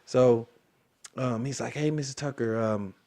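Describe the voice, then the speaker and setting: A man's voice: mid-range voice, measured pace, dark tone. A young man in his twenties, an interview guest and football player, telling a story casually and acting out the voices of the people in it.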